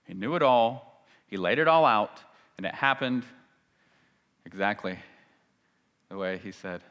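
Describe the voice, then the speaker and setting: Guy preaching in a big echoey church, punchy then quiet, repeats stuff for emphasis. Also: fairly low pitch, expressive, unhurried, clean tone. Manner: emphatic, swings between loud and hushed, repeats for stress. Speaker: pastor. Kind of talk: sermon. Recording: long reverb of a large hall.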